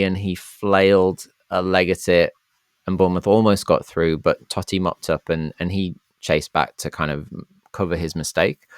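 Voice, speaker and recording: A man's voice: deep voice, clean tone, no room sound, clean studio sound. A man co-hosting a football podcast, talking in a rambling, casual way and often restarting his sentences. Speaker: podcast co-host.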